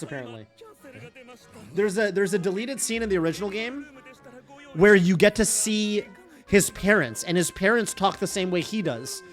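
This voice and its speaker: A man streaming a game, chatting casually in a rambling way full of fillers and restarts. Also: high voice. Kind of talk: casual chat while streaming.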